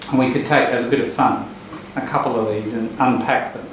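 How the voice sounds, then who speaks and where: A man teaching an English class, explaining pronunciation patterns in a relaxed way and repeating phrases to model them. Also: mid-range voice, fairly quick, slight background noise. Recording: echoey classroom recorded from a distance.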